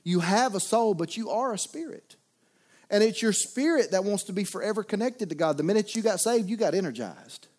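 A middle-aged pastor preaching a sermon. He is folksy and humorous, and he swings from loud preaching to quiet asides. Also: sits high, expressive, a little fast.

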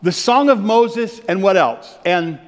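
A man's voice: sits high, expressive, slow, in a large hall. A male pastor preaching a conversational sermon. He breaks into sung hymn lines now and then.

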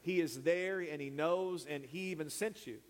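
A man's voice: fairly high pitch, normal speed. A man, a pastor preaching a sermon who calls out to the congregation to repeat words after him. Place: church sanctuary. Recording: long hall reverb.

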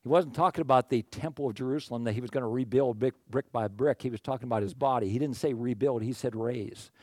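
In a studio-quality, dry recording, a man with a mid-range voice talks fast. He's a pastor preaching in a conversational, animated style, regularly engaging the congregation and performing their quoted lines.

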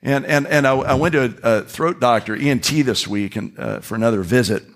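A man preaching a sermon as pastor, hoarse from a throat problem, talking conversationally with restarts and asides. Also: mid-range voice, fairly quick. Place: church.

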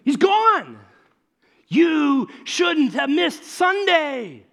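A man voicing an excitable young man eagerly telling a friend what he missed. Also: sits high, moderate pace, breathy edge. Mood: excited. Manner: breathless, exclaiming.

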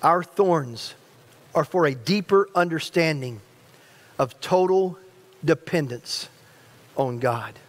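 A man's voice: on the high side, lively intonation, slow pace, pauses often. A male pastor preaching a sermon. He speaks straight to the congregation and often repeats or restarts his phrases. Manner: stirring preacher who addresses the congregation directly.

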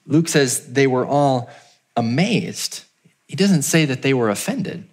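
A male pastor preaching a storytelling sermon in a mid-pitched voice. He acts out the townspeople in a raised voice, then drops low and quiet for emphasis. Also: animated, slow pace.

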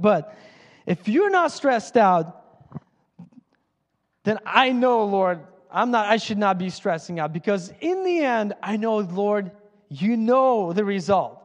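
A man preaching a sermon in a casual, animated way, acting out Bible characters in quick voices. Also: sits high. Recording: long hall reverb.

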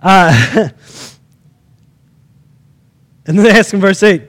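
A man preaching a sermon in an animated way, acting out the scenes he tells. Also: high voice, takes it slowly, in a large hall.

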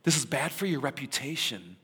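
Man acting pushy male critics, insistent, pleading, raised voice, bright, hall echo. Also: medium pitch, animated, brisk, breathy edge, heavily acted. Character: pushy male critics urging a teacher to stop. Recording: long hall reverb.

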